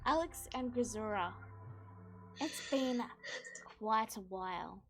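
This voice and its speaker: A woman with a fairly high voice narrates as game master for a tabletop role-playing game. She talks in a relaxed way, pausing with fillers. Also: faint music behind.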